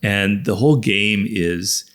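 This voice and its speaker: Speaking slowly in a lowish, fairly bright voice, this American author works through ideas as an interview guest. The conversation is relaxed, and he stacks up his arguments with repeated phrasing.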